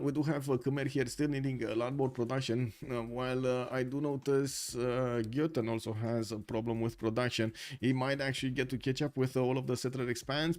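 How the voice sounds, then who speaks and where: A man's voice: mid-range voice, darkish tone. A man giving live commentary on a strategy game tournament, chatty and thinking aloud with many fillers. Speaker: esports caster.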